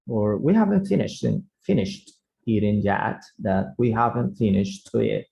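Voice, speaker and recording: Slow, gravelly male English teacher. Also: fairly low pitch, sing-song, a little mellow, lo-fi sound. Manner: unhurried, frequent "yeah?" checks, second-language English. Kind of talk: slow online grammar lesson.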